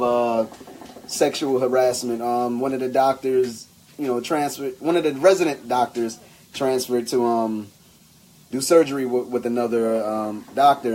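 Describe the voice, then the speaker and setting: Slangy animated man podcasting. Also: medium pitch. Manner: animated storyteller, acts out quotes, slangy. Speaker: podcast co-host. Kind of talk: casual banter.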